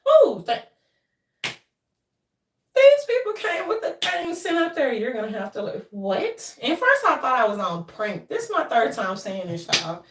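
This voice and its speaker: A woman talks in a loose, profane rant, telling stories and acting out other people's lines between bursts of laughter. Her voice sits a bit high. She is recorded from some distance, and the sound bounces around an echoey room. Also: normal speed, slight background noise. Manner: profane, animated storytelling with laughs and mimicry. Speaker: commentary streamer. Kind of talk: casual rant.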